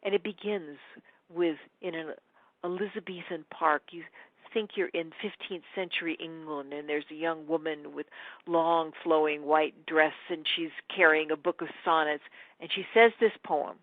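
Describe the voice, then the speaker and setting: A woman teaching in a webinar, an animated storyteller who acts out the quotes. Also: low-pitched, normal speed, no room sound, phone-quality sound. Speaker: spiritual teacher.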